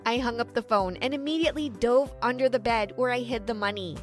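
A woman's voice: on the high side, fairly quick, faint music behind. A woman narrating a dramatic first-person story, voicing the quotes lightly.

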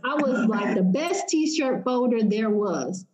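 Speaking slowly in a fairly high voice, a young woman shares an emotional personal story as an interview guest. She is animated, acting out what she and others said, and the background is noisy.

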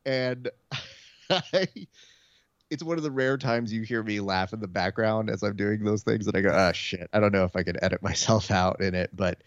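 A man with a lowish voice chats casually on a podcast. He tells profane stories and slips into quoted voices of friends. The audio sounds dry and dull. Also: fairly even intonation, normal speed, no room sound. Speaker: podcast co-host. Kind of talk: casual chat.

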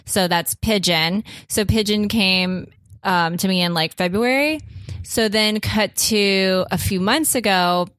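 A young woman tells a rambling story on a podcast, filling it with "like" and "um." Her pitch sits in an ordinary middle range. The recording is close and dry, with no room sound. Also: slow pace, a bit bright, no room sound. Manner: chatty, heavy use of "like" and "um"; acts out others' lines in a raised voice. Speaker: podcast guest. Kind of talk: casual storytelling.

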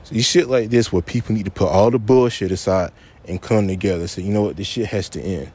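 Fast-talking, with a fairly low, mellow and slightly rough voice, a podcast host rants by himself. He's frustrated and angry, full of profanity, and repeats his points again and again for emphasis.

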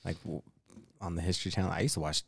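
Low-voiced man telling animated stories. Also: fast talker, vocal fry, slightly rough, dry recording, clean studio sound. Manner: animated storytelling, heavy swearing and filler likes. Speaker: podcast co-host. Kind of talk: casual chat.

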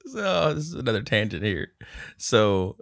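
Podcast guy, low voice that swings all over, animated, cusses a bunch. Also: unhurried, vocal fry, no echo, studio quality. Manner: animated storyteller, swears a lot. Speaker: podcast co-host. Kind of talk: casual movie review chat.

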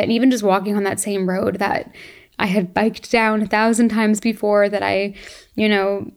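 Young woman podcast host, gravelly fry, middle pitch, reflective and teary solo chat. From Canada. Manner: reflective, emotional, laughs often. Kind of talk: casual solo monologue.

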